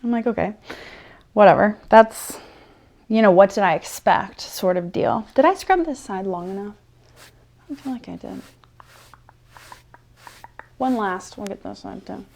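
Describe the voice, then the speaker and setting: A woman's voice: mid-range voice, unhurried, gravelly, long pauses. Chatty young woman, ASMR storytelling. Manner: rambling, chatty, filler-heavy, swinging between soft and animated. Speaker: ASMR creator. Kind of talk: ASMR storytelling with personal-attention role-play.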